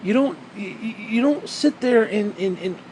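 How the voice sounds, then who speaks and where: A man's voice: high-pitched, animated, measured pace, a little mellow, a little hiss or hum, poor audio. A man giving a heated, profane commentary rant on video, blunt and repeating his points for emphasis. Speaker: vlogger.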